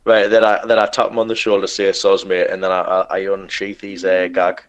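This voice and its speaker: Hesitant player, repeating words. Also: male voice, sits low, little pitch movement, fairly quick, lo-fi sound. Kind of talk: playing a tabletop game.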